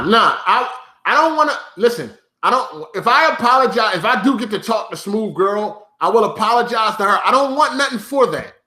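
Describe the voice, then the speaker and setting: High-voiced man ranting in an echoey room. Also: sharp tone. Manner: profane, mocking, keeps breaking into laughter. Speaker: gaming YouTuber. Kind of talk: ranting commentary to viewers.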